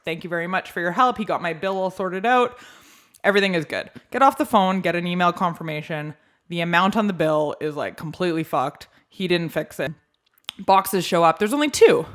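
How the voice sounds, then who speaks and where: A woman co-hosting a podcast, telling a story in casual chat, animated and swearing as she acts out her own yelling. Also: lowish voice, fairly quick. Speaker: podcast co-host.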